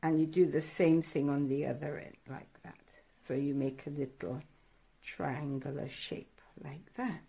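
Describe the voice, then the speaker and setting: A woman art teacher walking children through a craft lesson step by step, encouraging and excitable, pausing often with fillers. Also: low voice, creaky, slightly rough. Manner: encouraging, hesitant with many fillers; addresses children directly, excitable.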